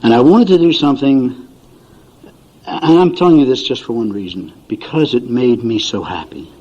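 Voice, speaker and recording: A man's voice: medium pitch, moderate pace, dark tone. An older man speaking at a recovery meeting, telling folksy, chuckling stories to an audience and acting out his family's voices. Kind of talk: storytelling talk to an audience. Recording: dull lo-fi recording.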